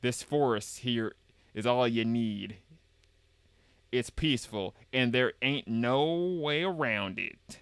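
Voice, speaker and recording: A man voicing a stern, protective old grandfather in a put-on Southern US drawl, with a folksy, drawn-out way of talking. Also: medium pitch, fairly bright tone, clean tone, no echo.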